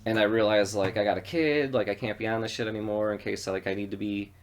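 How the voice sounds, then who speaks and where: Profane, animated storytelling man. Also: lowish voice, fast talker. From western New York. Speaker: podcast co-host. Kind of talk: casual storytelling chat.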